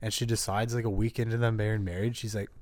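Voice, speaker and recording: A man telling a story in casual chat, rambling with constant filler words and jumping into high voices for quotes. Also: little pitch movement, fast, a little mellow.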